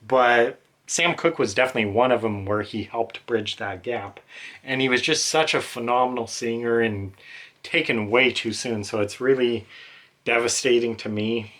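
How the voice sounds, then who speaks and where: A man's voice: medium pitch, normal speed, a bit bright. A man hosting a book channel, talking in a rambling, emotional way with many fillers. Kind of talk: casual monologue.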